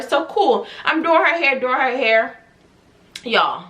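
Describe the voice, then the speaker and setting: Bright high-voiced woman telling a storytime. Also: slow pace. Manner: animated, addresses viewers as y'all, acts out quotes. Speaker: hairstylist vlogger. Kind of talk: storytime vlog.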